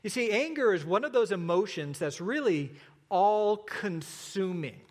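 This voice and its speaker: A man preaching a sermon as a pastor, earnest and emphatic, slowing down for repeated points. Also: high-pitched, animated, a little mellow, long reverb tail.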